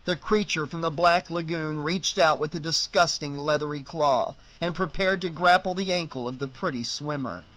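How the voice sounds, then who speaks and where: Male horror audiobook narrator, bright tone, slightly high, measured dramatic delivery. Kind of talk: scripted narration.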